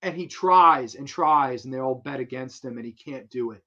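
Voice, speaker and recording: A man's voice: mid-range voice, moderate pace, pushed and bright, muffled recording. A man hosting a casual film talk show, talking with enthusiasm and rambling with fillers and restarts.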